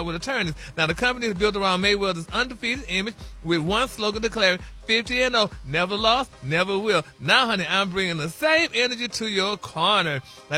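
A man reporting celebrity gossip on a radio show, flamboyant and animated, calling everyone "honey" and "y'all". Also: sits high.

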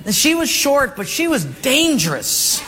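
A man's voice: extremely high pitch, huge pitch swings, a little slow, sharp tone. A man preaching a sermon as a pastor, telling jokey stories and laughing along with them. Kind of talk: humorous sermon storytelling. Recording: long hall reverb, faint background noise.

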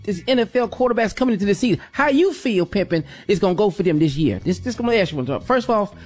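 A man co-hosting a comedic sports chat on a radio show, casual and quick to laugh. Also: high voice, animated, a little mellow, soft background music.

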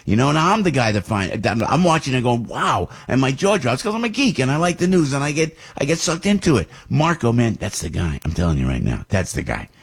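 A man hosting a political talk show, rambling and repeating himself in an animated way. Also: mid-range voice, fast, creaky, few pauses, husky. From New Jersey.

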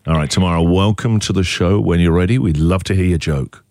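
A man hosting a morning radio call-in show, playful and teasing, quick to laugh. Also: deep voice, darkish tone, dry recording, clean studio sound. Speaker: radio host. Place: radio studio.

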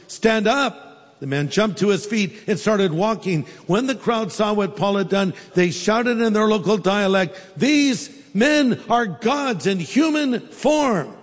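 A man preaches a sermon as a pastor, telling stories in a relaxed and humorous way. His voice sits high, and a long reverb trails behind each phrase. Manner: conversational, humorous storytelling.

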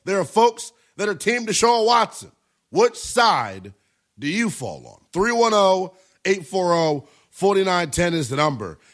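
A man's voice: high-pitched, sing-song, a little slow, a bit bright. A man hosting a sports talk radio show, giving brash, emphatic opinions and taking calls.

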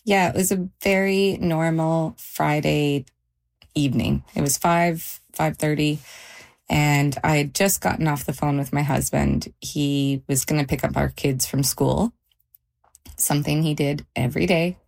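A mother in an interview, calmly recounting a frightening event in a measured, halting way with pauses and restarts. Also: deep voice, vocal fry. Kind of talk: personal account in a radio interview.

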